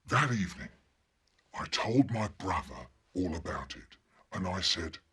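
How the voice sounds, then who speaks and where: A man telling a childhood story to listeners, animated and acting out each scene. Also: sits low, unhurried, slightly rough. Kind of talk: storytelling performance.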